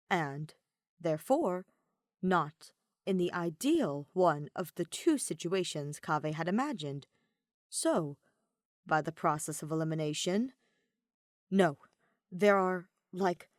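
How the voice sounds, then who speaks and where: A woman narrating fan fiction as an audiobook, in a measured, reflective read. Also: fairly low pitch, no room sound, clean studio sound. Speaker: podfic reader.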